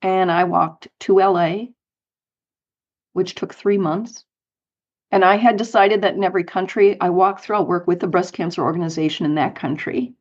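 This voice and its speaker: A woman's voice: fairly low pitch, moderate pace, lo-fi sound. Middle-aged woman telling stories. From United States, Colorado. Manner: animated anecdotes with light laughs. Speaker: guest, author and speaker. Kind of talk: storytelling interview.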